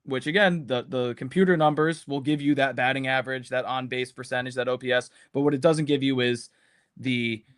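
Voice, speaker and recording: A man in a casual sports podcast, rambling through his views and leaning on "um" and "you know" between thoughts. His voice sits in a plain middle range, neither high nor low. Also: fairly even intonation, fairly quick, fairly bright tone, smooth. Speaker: podcast panelist.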